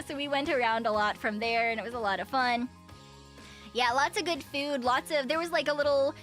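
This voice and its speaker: A woman's voice: sits high, a bit bright. A woman streamer chatting casually, giggling often and rambling with lots of fillers and self-corrections. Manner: giggly, laughs often between sentences. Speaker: VTuber streamer.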